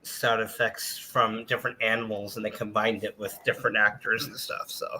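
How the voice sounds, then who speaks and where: A man's voice: on the low side, flat delivery, normal speed, bright, forceful tone, a little hiss or hum, rough recording. A man hosting a casual podcast interview, chatty and loose, asking the guest questions. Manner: chatty, casual, swears, restarts. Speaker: podcast host.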